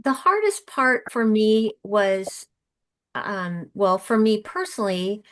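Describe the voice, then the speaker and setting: A woman's voice: mid-range voice, sing-song, takes it slowly. A middle-aged woman, a podcast guest, telling her story in an earnest, emotional way with frequent restarts. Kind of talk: conversational storytelling.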